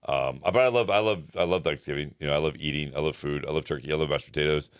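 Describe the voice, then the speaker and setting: Deep voiced guy co-hosting a podcast, very low, laid back, curses a lot. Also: fast, clear, resonant tone, no echo, clean studio sound. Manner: laid-back, swears freely. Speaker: podcast co-host. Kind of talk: casual chat.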